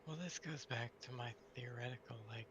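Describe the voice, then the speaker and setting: A man's voice: medium pitch, a little fast. Guy asking unsure questions, kinda muffled lo-fi sound, bit of hiss. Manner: tentative, questioning, hesitant. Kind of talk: casual philosophical chat. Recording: dull slightly noisy audio.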